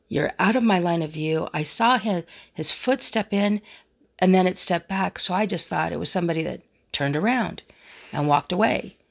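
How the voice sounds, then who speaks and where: A woman's voice: lowish voice, vocal fry. A middle-aged woman vlogger animatedly retelling a personal story.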